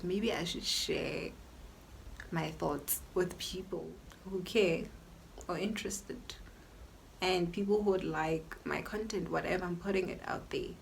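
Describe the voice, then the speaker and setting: A young woman with a South African accent talks through a casual question-and-answer vlog, sounding frank and opinionated. Her voice sits a little low, and a faint hiss runs under it. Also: creaky. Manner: chatty and opinionated, mixing in local languages. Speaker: YouTuber.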